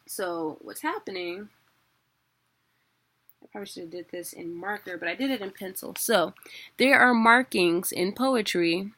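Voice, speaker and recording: A woman giving a casual video lesson, chatty and quick to correct herself. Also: fairly low pitch, pushed and bright. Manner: chatty, self-correcting, laughs at own mistakes. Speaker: teacher.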